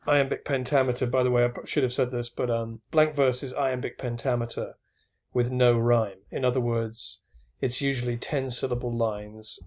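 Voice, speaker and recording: A middle-aged man explains his slides in a loose, conversational lecture. His pitch sits in an ordinary middle range, and he fills pauses with ums and restarts as he goes. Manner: casual, many fillers and restarts. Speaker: teacher.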